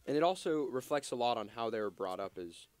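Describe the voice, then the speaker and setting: A man's voice: mid-range voice, lively intonation, a little mellow, smooth, dry recording, soft background music. Casual young man debating rap. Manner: chatty, loose, quick to disagree. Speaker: radio show co-host. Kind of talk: casual panel discussion.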